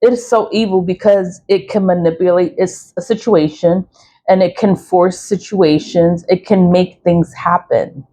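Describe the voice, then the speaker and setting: A woman's voice: on the low side, steady tone, unhurried, warm tone. A woman talking in a casual rambling monologue, swearing freely, repeating herself and laughing often. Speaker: spiritual product vlogger.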